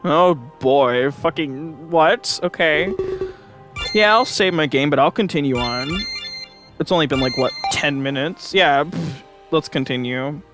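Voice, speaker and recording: A man's voice: on the high side, a little slow, music in the background. A man giving crude, joking let's-play commentary while reading through a visual novel. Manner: crude, joking, laughs often. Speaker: gamer playing a visual novel.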